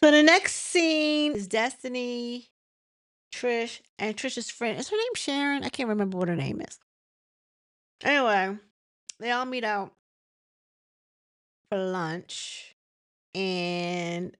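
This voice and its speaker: A woman's voice: mid-range voice, no room sound, clean studio sound. A woman hosting a casual reality TV recap, chatting and retelling scenes with quoted dialogue and frequent laughs.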